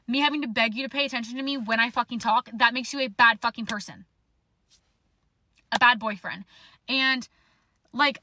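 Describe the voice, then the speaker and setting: A woman's voice: fairly high pitch, bright, forceful tone, dry recording. A young woman telling a storytime to her phone camera in an angry rant, swearing bluntly. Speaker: social media storyteller.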